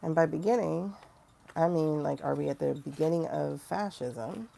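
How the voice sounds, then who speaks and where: A woman hosting a casual livestream tarot reading, chatty and animated, with sudden mocking asides to her viewers. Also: low voice, normal speed, creaky, a little hiss or hum. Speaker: tarot reader and livestream host.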